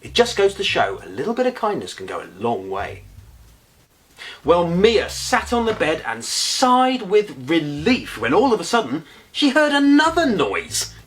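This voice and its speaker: A man narrating a bedtime story in a playful, expressive way, with comic asides. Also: sits high, unhurried.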